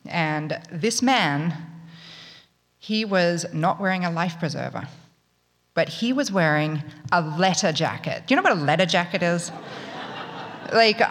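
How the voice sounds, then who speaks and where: A woman's voice: fairly low pitch, expressive, a little slow, long pauses, a bit bright. A woman from Australia with an Australian accent, telling a wry, humorous true story in a conversational way. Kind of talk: live spoken storytelling. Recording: long reverb of a large hall.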